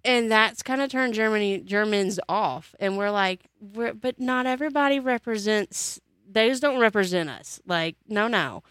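An American woman chats casually, telling animated stories full of fillers. Her medium-pitched voice keeps a moderate pace with few pauses, and there's no echo.

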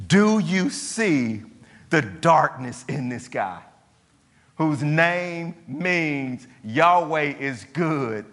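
A man preaching a sermon with a bright, forceful voice that sits a little high. He hammers home his points with rhetorical questions and repetition. His voice rings out with long reverb in a large church hall. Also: lively intonation, drawn-out words. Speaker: pastor.

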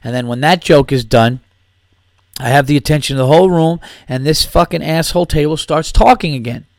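A man's voice: fairly high pitch, brisk, darkish tone, no echo, studio quality. A male comedian and podcast host telling a story in a casual, profane and exasperated rant.

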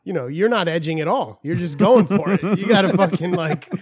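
A man's voice: sits high, brisk, crowd noise. A man in casual podcast chat, telling crude jokes and stories. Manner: crude, joking storyteller. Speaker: podcast co-host.

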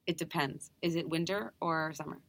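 A young woman guest performer from New York, speaking with an American accent, chats eagerly through a casual interview. Her voice is low and the audio has no echo. She comes across as chatty and enthusiastic, with rapid restarts.

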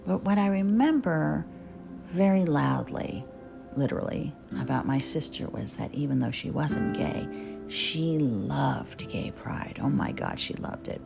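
A woman's voice: low voice, animated, a little slow, creaky. A woman in her fifties from New Jersey, hosting a podcast in a candid, chatty, self-deprecating monologue. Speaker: podcast host. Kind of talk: personal monologue. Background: guitar music.

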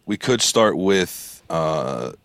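Male podcast co-host, low voice with a very lively pitch, playful banter, dry mic. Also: very slow, no echo. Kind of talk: casual chat.

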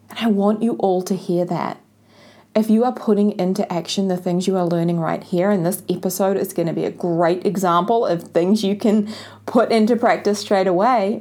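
A woman's voice: medium pitch, warm tone. A woman hosting a podcast, speaking casually to her listeners, effusive and encouraging, often tagging her points with "right?". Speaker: podcast host.

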